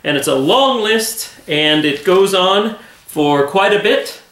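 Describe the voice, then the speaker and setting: A male pastor leads a Bible study in an earnest, chatty way, pausing on fillers as he thinks. His voice sits a little high, and the sound rings in an echoey room. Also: expressive, fairly bright tone. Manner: earnest, conversational, full of fillers. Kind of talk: Bible study devotional talk.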